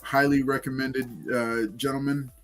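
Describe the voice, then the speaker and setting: A man's voice: mid-range voice, little pitch movement, moderate pace, faint music behind. A man hosting a casual livestream chat and giveaway, talking loosely with many fillers. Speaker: livestream host running giveaways.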